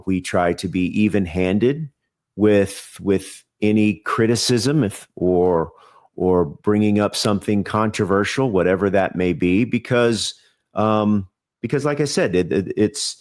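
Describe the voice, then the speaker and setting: Measured, low-voiced man talking baseball. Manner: measured, earnest, frequent fillers and restarts. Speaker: TV baseball show host, guest. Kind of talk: podcast interview.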